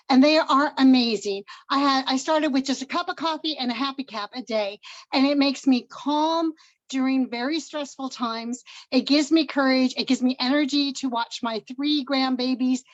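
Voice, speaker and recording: A woman's voice: high-pitched, normal speed, no echo, muffled recording. An older woman from Washington State giving an upbeat, emotional personal testimony on a video call. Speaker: guest presenter.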